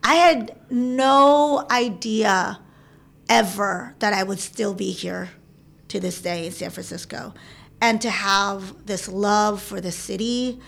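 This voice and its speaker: Woman, thirties, gravelly voice, middle pitch, lively storyteller, quotes others in put-on voices. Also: takes it slowly. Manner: animated, acts out quoted voices. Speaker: interview guest. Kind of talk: casual storytelling. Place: San Francisco.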